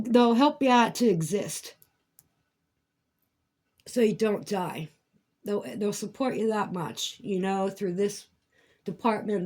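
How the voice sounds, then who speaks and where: A woman rambling through a casual vlog monologue, swearing and breaking into indignant outbursts. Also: fairly high pitch. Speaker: vlogger.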